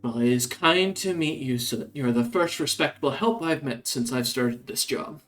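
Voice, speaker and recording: A woman's voice: rumbling low, animated, normal speed. A man voicing a poised young noblewoman at a dinner, who speaks in a polite, courtly way. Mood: courteous. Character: poised young noblewoman, secretly suspicious guest.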